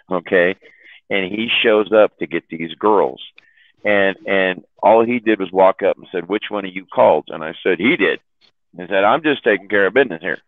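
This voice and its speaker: Deep voiced guy rambling thru a crude road story, swears a lot, sounds like a phone line. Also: no echo. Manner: rambling, profane, laughs at own jokes. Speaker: chat room host telling stories. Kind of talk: casual storytelling on a call. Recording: dry, phone-like audio.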